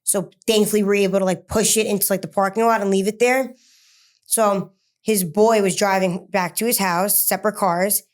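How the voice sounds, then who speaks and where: A woman being interviewed tells a personal story haltingly, full of fillers, restarts, and rushed bursts of words. Her voice is mid-range with fairly even intonation.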